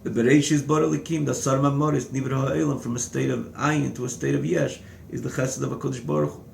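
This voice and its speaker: A man's voice: medium pitch, fairly even intonation, fast, gravelly, darkish tone, slight background noise. A man giving a text-study lecture as a Torah teacher, reading a phrase and then translating and restating it in several words. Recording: echoey room.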